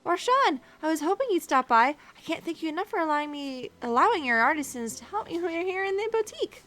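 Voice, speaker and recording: A tiny, chirpy young shopkeeper, played by a woman, gushes in a high, squeaky voice that sits far above her normal one. She sounds bright and eager, and soft music plays underneath. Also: sing-song, fairly quick, full character voice.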